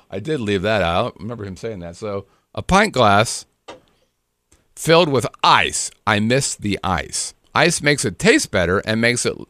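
A man's voice: lowish voice, bright, forceful tone, dry recording, studio quality. A middle-aged married man co-hosting a podcast, joking and teasing in casual banter. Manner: joking, teasing, does silly voices. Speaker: podcast co-host.

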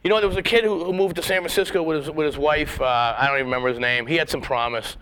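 A man, a stand-up comic guesting on a podcast, talks in a rapid, slightly raised voice. He rambles, swears a lot and stumbles over false starts as he tells his stories. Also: fairly high pitch, steady tone, fairly bright tone. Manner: profane, rambling storyteller with many restarts. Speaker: guest comedian. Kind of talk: casual podcast chat.

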